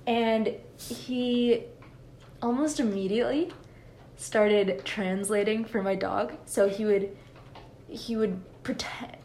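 A woman's voice: on the high side, fairly even intonation, slow, a little mellow, slight background noise. A young woman co-hosting a podcast, chatting casually, giggly and rambling with many restarts. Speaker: podcast co-host. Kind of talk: casual chat.

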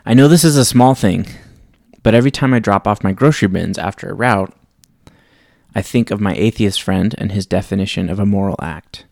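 Low gravelly man telling a story. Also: brisk, darkish tone, dry recording, studio quality. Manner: reflective, wry storytelling. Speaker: podcast host. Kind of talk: reading a personal story aloud, then casual sign-off.

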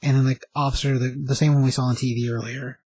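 A man's voice: medium pitch, little pitch movement, fast talker, darkish tone, slightly rough, no echo, poor audio. A man casually recapping a comic book plot, rambling along with many fillers and restarts.

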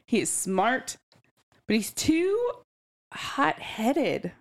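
Podcast co-host: a woman, casual and blunt, with a lively, swinging delivery. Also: on the high side, extremely slow. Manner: animated, laughs often, blunt. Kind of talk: casual book club chat.

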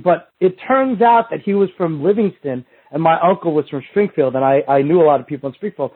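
A man's voice: a little high, fast, few pauses, husky. A man talking as a guest on a show, telling rambling, profane stories and acting out both sides of old conversations. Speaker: fitness industry coach, podcast guest. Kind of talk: casual profane storytelling. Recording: tinny phone-like line.

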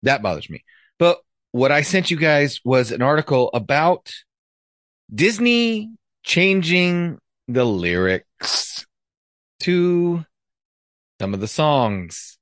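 A man co-hosting a podcast in loose, profane banter. His pitch moves a lot as he jokes. The recording is dry and close. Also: slow pace, pauses often, dry recording. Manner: animated, profane, joking. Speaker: podcast co-host.

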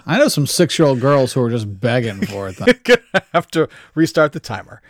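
A man's voice: medium pitch, sing-song, brisk, slight background noise. A man co-hosting a comedy podcast, wry and a bit hesitant, with lots of fillers. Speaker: podcast co-host. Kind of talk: casual comedic podcast banter.

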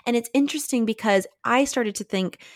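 A woman's voice: a little high, a little fast, dry recording, clean studio sound. A young woman co-hosting a podcast, casually recapping a film and acting out the characters' lines in a raised voice. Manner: chatty, many "like"s, acts out characters' lines in a raised voice. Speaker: podcast co-host.

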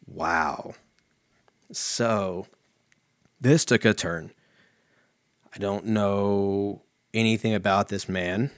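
A man's voice: fairly low pitch, no room sound, clean studio sound. A man hosting a podcast in casual chat, profane and rambling as he reads a comment aloud, a little tipsy from whiskey. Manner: profane, rambling, self-mocking. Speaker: podcast host.

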